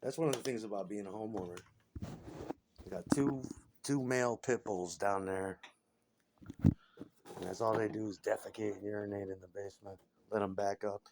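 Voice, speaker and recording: A man's voice: lowish voice, steady tone, moderate pace, creaky, long pauses, heavy background noise. A man in his forties delivering a rambling, crude comic monologue, laughing often and stumbling over repeated words.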